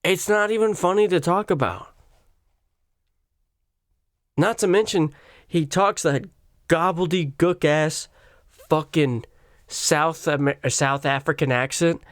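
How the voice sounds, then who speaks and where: Slow, profane male podcast ranter. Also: fairly high pitch, no room sound, clean studio sound. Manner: profane, sarcastic, ranting. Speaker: podcast host. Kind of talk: solo comedy podcast rant.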